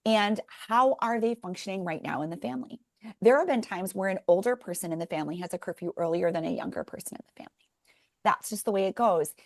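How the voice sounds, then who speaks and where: Middle-aged woman podcast guest, mid pitch with creaky fry, dry close mic, animated storyteller. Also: no room sound. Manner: animated storyteller, talks through examples. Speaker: podcast guest, parenting author. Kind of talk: conversational interview.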